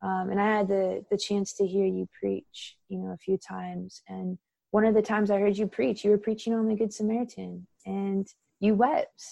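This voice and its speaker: A woman hosting an interview, speaking gently and haltingly, often repeating words as she gathers her thoughts. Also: medium pitch, level tone, vocal fry, no echo. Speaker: interview host.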